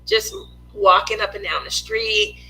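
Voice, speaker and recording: A woman's voice: mid-range voice, flat delivery, unhurried, sharp tone, a little hiss or hum, poor audio. A woman from Las Vegas hosting a casual craft livestream, greeting viewers by name in a playful, chatty, sometimes sing-song way. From Las Vegas, USA. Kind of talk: casual livestream chat while painting.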